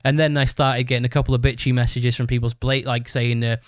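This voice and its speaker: He's a fast talker who hardly pauses, a podcast host with a steady mid-range voice telling a long story in a blunt, rambling, swear-heavy way with frequent restarts. The recording is dry and clean, studio-grade.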